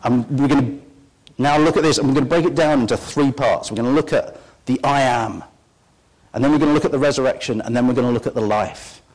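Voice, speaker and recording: A man's voice: medium pitch, quick pace, darkish tone, poor audio. A man preaching a sermon in an earnest, heartfelt way.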